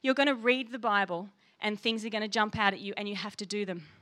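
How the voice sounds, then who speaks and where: A woman's voice: medium pitch, steady tone, quick pace, a bit bright. A woman pastor preaching a sermon with passion and emphasis, reading scripture aloud.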